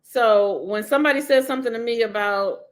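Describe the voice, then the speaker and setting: Emphatic, high-voiced woman author. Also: a little fast. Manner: emphatic, animated, laughs often. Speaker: author being interviewed. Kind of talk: candid interview conversation.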